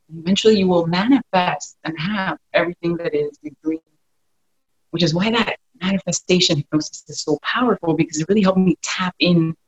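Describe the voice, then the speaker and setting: A woman hosting a wellness podcast, reading a story excerpt aloud and then talking gently and encouragingly to her listeners. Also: on the low side, highs cut off.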